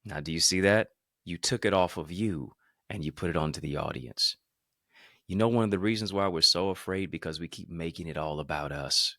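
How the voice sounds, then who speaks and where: A man giving an energetic motivational talk to a live-stream audience, emphatic and repetitive, calling on listeners to answer in the chat. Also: low voice, brisk, dry recording, clean studio sound. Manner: emphatic and repetitive, punching key phrases; calls on listeners to respond in the chat. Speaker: motivational speaker and podcast host.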